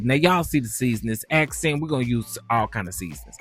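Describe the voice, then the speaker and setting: A man's voice: medium pitch, quick pace, breathy edge, faint music behind. Chatty man calling everyone child. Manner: animated, chatty, keeps saying child and honey. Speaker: cooking vlogger. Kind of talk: casual cooking and gossip chat.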